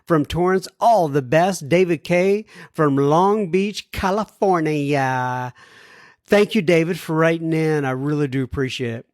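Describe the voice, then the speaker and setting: A man's voice: a little high, unhurried, darkish tone, no room sound, studio quality. An American man hosting a podcast, reading listener letters in a casual, rambling way that keeps drifting into apologetic tangents. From United States. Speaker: podcast host.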